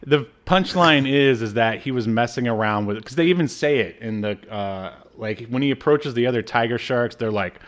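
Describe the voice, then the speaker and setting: A man of ordinary pitch co-hosts a casual podcast, talking through an old cartoon's plot. He rambles loosely, leaning on "uh" and "um", and drops dry, wry asides along the way. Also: moderate pace, few pauses. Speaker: podcast co-host. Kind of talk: casual chat recapping a cartoon.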